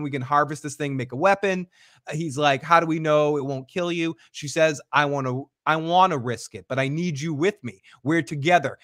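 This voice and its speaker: Animated man recapping an episode. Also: on the high side, no room sound, studio quality. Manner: animated, acts out characters' lines, many restarts. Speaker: co-host of an after show. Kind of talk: casual recap chat.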